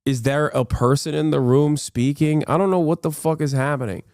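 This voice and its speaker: Guy in his 30s ranting on stream, fed up and cursing, kinda high voice, dead dry sound. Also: moderate pace, darkish tone, smooth, no room sound. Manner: exasperated, profane, incredulous rants. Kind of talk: reacting to clips on a livestream.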